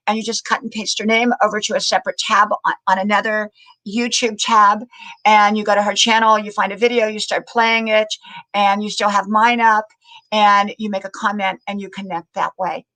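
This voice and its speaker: A woman's voice: medium pitch, sharp tone, poor audio. An older woman hosting a casual live stream, chatting on and greeting viewers by name, often repeating her words. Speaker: livestream host.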